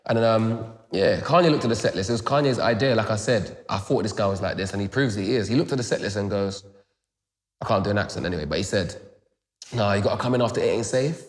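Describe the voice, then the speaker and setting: Fast-talking London man, low voice. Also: in a large hall. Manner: rapid, animated retelling with sound effects like boom and da da. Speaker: grime MC, interview guest. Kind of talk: casual storytelling interview.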